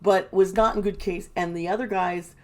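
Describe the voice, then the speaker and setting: A woman's voice: mid-range voice, fairly even intonation, normal speed. A woman giving casual, indignant commentary, swearing and mocking the people she quotes. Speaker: tarot reader and commentator.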